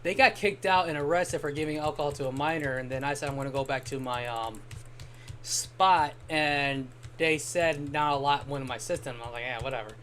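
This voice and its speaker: A man's voice: on the high side, a little fast, a bit bright, a little hiss or hum. Rambling young man streaming a game. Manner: rambling anecdotal storytelling, occasional swearing. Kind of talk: casual gaming stream chat.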